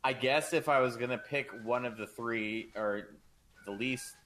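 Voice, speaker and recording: A man co-hosting a gaming talk stream, relaxed and hesitant, with frequent ums. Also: mid-range voice, unhurried, a little hiss or hum, rough recording. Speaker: co-host. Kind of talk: casual chat.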